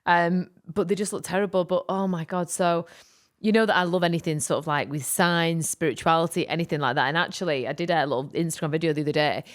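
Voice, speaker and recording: A woman co-hosting a podcast, telling a personal story in an animated, rambling way with lots of fillers. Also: fairly low pitch, fast. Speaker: podcast co-host. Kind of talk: casual storytelling chat.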